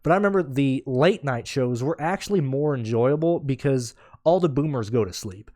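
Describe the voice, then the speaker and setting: A man's voice: medium pitch, expressive, moderate pace, dark tone, no echo. A man ranting in a casual podcast, blunt and sarcastic, swearing freely and rambling with restarts. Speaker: podcast host. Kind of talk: casual rant.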